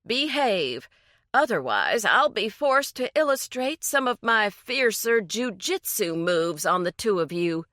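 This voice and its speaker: A woman's voice: mid-range voice, big pitch swings, unhurried, fairly bright tone, no echo, clean studio sound, voice pushed up. A woman voicing Jillian, a prim woman who scolds her friends in a mock-stern way and weighs things carefully.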